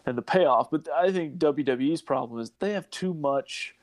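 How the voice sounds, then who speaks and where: A man's voice: on the high side, normal speed. A man co-hosting a casual chat, easygoing and agreeable.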